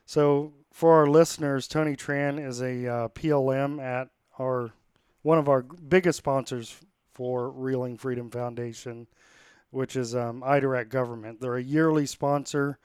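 Host: man, upbeat podcast reads, smooth clear voice, dry sound. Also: mid-range voice, steady tone, unhurried, darkish tone, dry recording. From United States. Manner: upbeat, rallying, plainspoken with fillers. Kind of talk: sponsor reads and casual interview.

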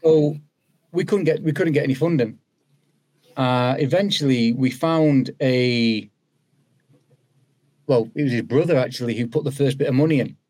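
This podcast guest, a British man who used to play football, speaks at medium pitch and a moderate pace, pausing often. He tells his story conversationally and acts out others' words with animation.

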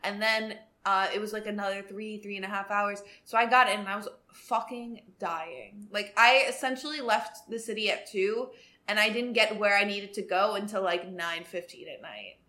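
A woman in her twenties co-hosting a podcast in casual chat, animated and swearing freely. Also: mid-range voice, normal speed. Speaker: podcast co-host.

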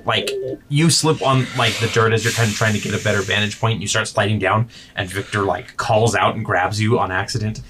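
A man running a tabletop game as game master, narrating in a halting way with many fillers. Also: on the low side, fairly even intonation, noisy background. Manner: halting, filler-heavy narration with soft asides.

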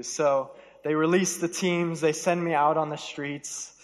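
A man's voice: a little high, moderate pace. A young man preaching a sermon, telling a story and acting out the voices in his head. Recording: long hall reverb.

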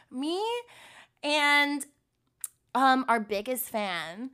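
Bright, giggly young woman chatting. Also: fairly high pitch, lively intonation, unhurried. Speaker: podcast co-host. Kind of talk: casual chat.

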